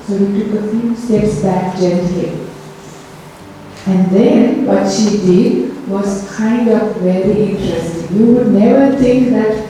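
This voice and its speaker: A woman teaching children at a Dhamma school, telling a story gently and asking them lots of questions. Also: medium pitch, recorded from a distance, a little hiss or hum. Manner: slow, gentle, asks the children many questions. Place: temple hall. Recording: echoey hall, voice from afar.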